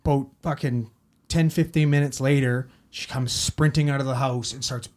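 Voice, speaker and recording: A man's voice: mid-range voice, fairly even intonation, moderate pace, a little mellow. A man, a paramedic telling a story in casual podcast chat, profane and rambling as he acts out quotes.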